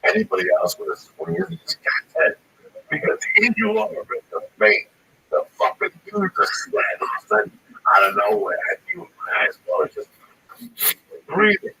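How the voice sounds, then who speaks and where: A man's voice: high voice, huge pitch swings, moderate pace, vocal fry, sharp tone. A male comedian telling a rambling, profane story full of swearing, recorded on a distant mic with faint background noise. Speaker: stand-up comedian.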